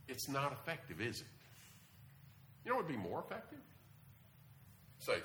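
A man preaching a sermon to a congregation in a lively, animated way, often jumping up in pitch to press a point. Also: fairly quick, pauses often, a little hiss or hum. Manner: lively, animated delivery with sudden jumps in pitch.

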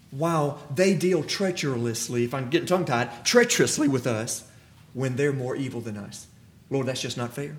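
Preaching man with a high voice. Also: moderate pace. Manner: animated, acts out biblical dialogue, restarts and stammers. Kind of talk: sermon.

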